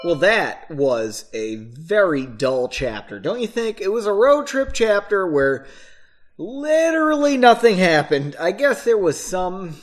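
A man's voice: high-pitched, sing-song, a little slow, hardly any pauses. A man reading a story aloud and breaking off for casual, self-mocking asides. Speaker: reader of his own novel.

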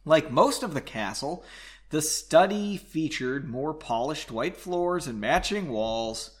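A man's voice: fairly high pitch, lively intonation, slow. A man casually reading a fantasy novel aloud at home on a couch, with jokey asides between passages. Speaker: audiobook reader.

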